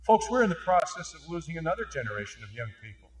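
A man's voice: a little high, sing-song, quick pace. Earnest man speaking in an echoey hall. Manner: earnest, emphatic, rhetorical questions. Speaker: mission organization speaker. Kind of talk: conference presentation with slides. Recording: echoey room, distant mic.

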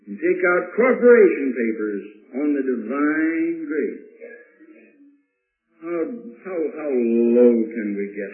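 A man preaching a sermon as pastor, blunt and emphatic, with rhetorical questions and dry asides. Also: medium pitch. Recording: tinny, echoey old sermon recording.

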